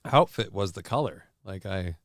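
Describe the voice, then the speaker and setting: A man's voice: deep voice, lively intonation, moderate pace, no echo, clean studio sound. A man co-hosting a casual live show, reading out chat comments and riffing on them in a jokey, rambling way. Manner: jokey, riffs loudly on viewer comments, rambling. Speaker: livestream co-host.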